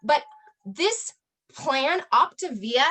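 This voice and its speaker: A woman's voice: high voice, sing-song, slow pace, bright, forceful tone. A middle-aged woman, a health coach, giving a motivational talk and telling a story earnestly, with emphatic repetition.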